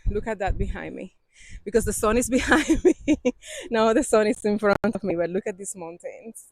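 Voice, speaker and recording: A woman's voice: mid-range voice, normal speed, no room sound. Cuban woman, 40s, walking vlog, slightly out of breath, chatty and laughing, dry close sound, outdoor trail. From Cuba. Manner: chatty, laughs often, non-native phrasing. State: out of breath from climbing. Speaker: vlogger.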